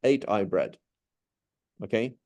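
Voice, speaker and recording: Mellow-voiced man teaching a class. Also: fairly low pitch, animated, slow. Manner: patient, asks students questions, repeats key points. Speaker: Arabic teacher. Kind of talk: live online class teaching.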